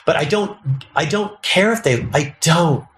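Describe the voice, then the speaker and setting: A man's voice: a little high, unhurried, a bit bright, a little hiss or hum. Blunt, profane man. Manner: blunt, profane, emphatic, with mocking put-on quotes. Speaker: stand-up comedian guest. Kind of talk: casual podcast conversation.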